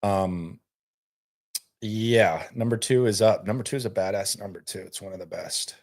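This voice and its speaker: In this casual sports stream, a male podcast host speaks at a moderate pace in a lowish, darkish voice. His live-stream talk meanders easily, and he frequently restarts sentences by repeating words.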